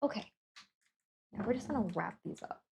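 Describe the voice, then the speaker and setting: A woman's voice: medium pitch, expressive, normal speed, vocal fry, heavy background noise. A woman livestreaming from home, chatting casually and laughing as she reads and answers her chat while packing. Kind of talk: casual live-stream chat.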